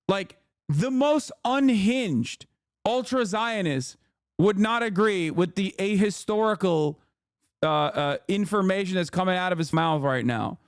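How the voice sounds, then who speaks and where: A man's voice: high-pitched, expressive, a little slow, no room sound, clean studio sound. A man doing blunt, profane, sarcastic reaction commentary as a streamer host.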